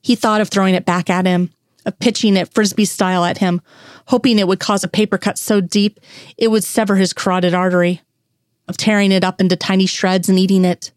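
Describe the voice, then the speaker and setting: A woman narrating a story aloud in a steady, even reading voice on a close mic. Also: mid-range voice, a little fast, no echo. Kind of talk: audiobook-style story reading.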